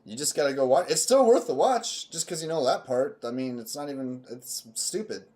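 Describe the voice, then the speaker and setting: A man's voice: on the high side, lively intonation, fairly quick, darkish tone. A man co-hosting a podcast in casual chat, emphatic and profane as he riffs on movies. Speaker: podcast co-host.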